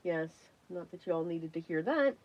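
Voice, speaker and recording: A woman hosting a casual crafting livestream, chatty and greeting viewers by name, her voice hoarse and worn from talking, often clearing her throat. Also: on the low side, animated, moderate pace, muffled recording. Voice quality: frequent throat clearing and coughs.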